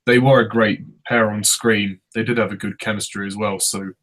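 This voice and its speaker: Low-voiced man chiming into casual chat. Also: steady tone, moderate pace, a bit bright. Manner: chatty, chiming in with asides. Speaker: film review co-host.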